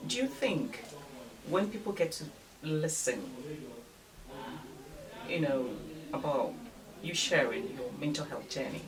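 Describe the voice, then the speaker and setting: A woman's voice: sits low, animated, a little slow, long pauses. A woman interviewing a guest, asking questions hesitantly with many fillers. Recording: distant mic with crowd noise.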